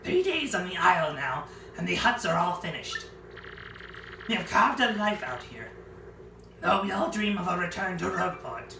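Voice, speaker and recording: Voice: mid-range voice, very animated, normal speed, vocal fry, bright, forceful tone, echoey room, recorded from a distance, slight background noise, full character voice. A player voicing a pompous, bossy male ship owner who talks grandly and theatrically. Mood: solemn diary. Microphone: phone.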